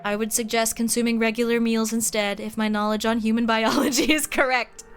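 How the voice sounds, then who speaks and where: A woman reading a game's lines as a cold, formal female angel who speaks in a flat, emotionless way. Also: a little high, brisk, faint music behind, close to an everyday voice. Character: cold monotone female angel, creature of light. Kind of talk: reading game dialogue aloud.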